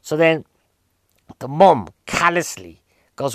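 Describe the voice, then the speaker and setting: A man's voice: medium pitch, normal speed, no echo. Chatty man recapping a film. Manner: rambling, chatty, keeps asking "right?" and rhetorical questions. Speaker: film reviewer. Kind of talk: casual comic film recap.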